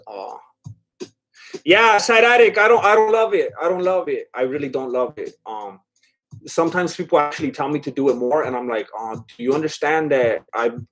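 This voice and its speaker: A man's voice: mid-range voice, fairly bright tone. A man streaming live, reading chat and rambling casually with lots of fillers and laughs. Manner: rambling, filler-heavy, self-deprecating laughs.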